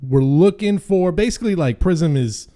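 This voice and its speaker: A man's voice: on the high side, animated, moderate pace, warm tone. A man hosting a casual chat, laughing along and then explaining trading card sets in an easygoing way. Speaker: host. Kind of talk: casual chat while opening trading cards.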